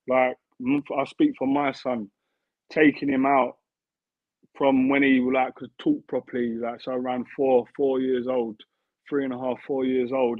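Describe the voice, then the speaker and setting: A medium-pitched male voice belongs to a man in his thirties who played football, now an earnest interview guest in casual conversation. He repeats himself as he works up to a point. The recording is dry and comes through a thin, phone-like remote line.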